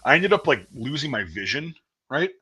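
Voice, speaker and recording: Bright-voiced man swearing through a story. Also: medium pitch, sing-song, moderate pace, slightly rough, poor audio. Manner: rambling and profane, with many restarts. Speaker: guest storyteller. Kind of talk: casual chat, telling a story.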